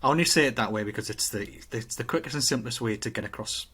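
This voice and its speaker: A man co-hosting a relaxed podcast, talking in a reflective, rambling way. He questions himself aloud and restarts his sentences often. His voice sits at an ordinary middle pitch. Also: quick pace, slightly rough. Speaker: podcast co-host. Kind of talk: casual chat.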